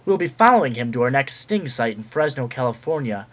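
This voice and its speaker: A man playing a self-important TV reporter in a parody, speaking in deadpan, pompous narration. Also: mid-range voice, fairly quick. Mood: narrating. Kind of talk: parody news-magazine narration.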